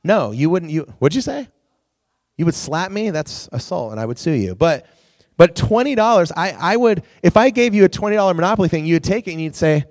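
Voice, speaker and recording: A man's voice: a little high, fairly quick, no room sound, clean studio sound. A man preaching to a youth group, telling stories animatedly and acting out quotes. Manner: animated storytelling with acted-out quotes. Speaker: youth pastor.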